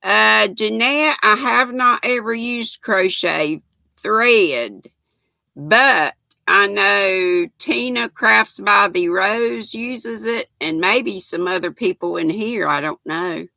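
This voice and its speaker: An older woman with a Southern drawl chats slowly on her live crafting stream. Her voice is bright with a gravelly edge. The sound is dry and close, and she greets her viewers warmly by name. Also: medium pitch, dry recording. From Southern United States. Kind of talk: casual live-stream chat, reading viewer comments.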